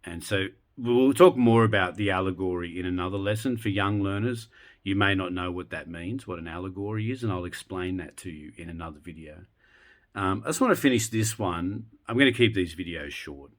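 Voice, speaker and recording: A man teaching a relaxed, unscripted lesson on a poem, full of ums and restarts. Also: low-pitched, brisk. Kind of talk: casual spoken lesson.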